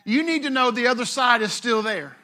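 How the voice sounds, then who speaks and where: A man's voice: very high voice, animated, a little fast, pushed and bright. A male pastor, preaching a sermon in a conversational way, retelling scripture with playful asides.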